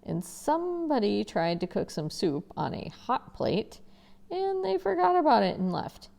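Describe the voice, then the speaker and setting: A woman voicing a tired middle-aged father in a storybook reading, speaking in a flat, worn way. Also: on the high side, measured pace, creaky, heavily acted. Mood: somber. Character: weary middle-aged father, calm and plain-spoken.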